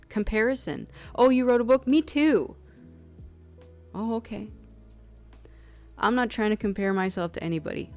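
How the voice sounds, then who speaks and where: A woman giving an intuitive tarot reading in a casual, conversational way, filling her talk with "like" and acting out quoted people. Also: fairly low pitch. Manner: conversational, chatty with many "like" fillers; acts out quoted people in lively voices. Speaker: tarot reader.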